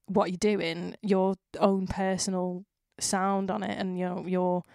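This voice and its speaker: A woman's voice: on the low side, little pitch movement, slow, gravelly, darkish tone, dry recording. Northwest english woman hosting a podcast, rambly and chatty, dry close sound. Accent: Northwest England, Cheshire. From England. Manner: chatty, rambling, swears casually. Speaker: podcast host. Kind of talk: casual interview chat.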